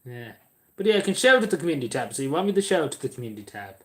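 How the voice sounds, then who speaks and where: A man's voice: mid-range voice, very animated, very fast. A man with an Irish border accent from Cavan, rambling and swearing as he chats with viewers while hosting a livestream. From Ireland. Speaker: livestream host. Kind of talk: casual livestream chat reading the chat.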